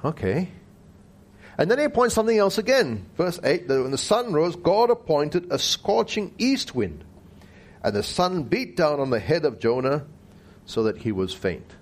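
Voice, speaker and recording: A man giving an expository Bible teaching who keeps asking his listeners rhetorical questions and slows down to stress key words. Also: on the high side, sing-song.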